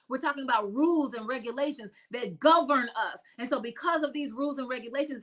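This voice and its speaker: High-voiced woman preaching emphatically. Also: bright, forceful tone. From United States. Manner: emphatic, repeats phrases in lists, laughs often. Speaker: reverend and podcast host. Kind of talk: preachy spiritual talk.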